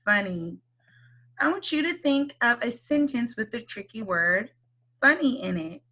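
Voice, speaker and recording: A woman leads a kindergarten phonics lesson at a very slow, deliberate pace. Her voice is bright and fairly high. She stretches out each letter sound and encourages the children to say it with her. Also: lively intonation. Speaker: kindergarten teacher.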